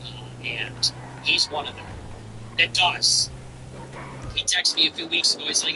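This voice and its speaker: A man's voice: fairly high pitch, a little slow, noisy background. A man hosting a livestream, chatting casually and ranting bluntly with frequent profanity. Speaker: livestream host.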